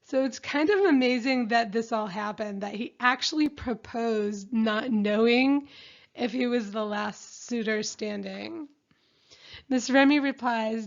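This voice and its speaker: A woman recaps a reality show episode in casual, chatty, opinionated narration, reading out quotes. Her voice is on the high side and creaky, at a measured pace. It's a dull lo-fi recording.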